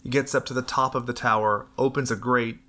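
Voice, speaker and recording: Bright-voiced man hosting a podcast. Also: mid-range voice, a little fast. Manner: animated storytelling with voiced quotes. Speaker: podcast host. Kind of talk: casual chat.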